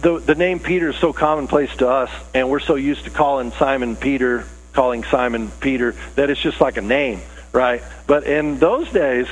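A man's voice: mid-range voice, moderate pace, hardly any pauses, rough recording. A man preaching a conversational sermon, earnest and casual with rising emphasis. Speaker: pastor.

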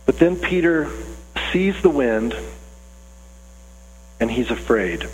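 A man's voice: medium pitch, big pitch swings, slow, in a large hall, a little hiss or hum, rough recording. A man preaching a sermon in a conversational, earnest way, often asking his listeners questions. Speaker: pastor.

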